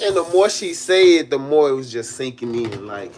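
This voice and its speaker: A man's voice: medium pitch, very animated, moderate pace, few pauses, darkish tone, slight background noise. A young man on a livestream telling a personal story in a casual way, laughing often and acting out the voices he quotes.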